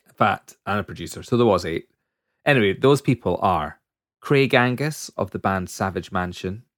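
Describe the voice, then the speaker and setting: A man's voice: sits low, animated, normal speed, no echo. Laid-back man with a dry sound. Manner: jokey, laughs often, trails off in lists. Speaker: podcast co-host. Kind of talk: casual chat.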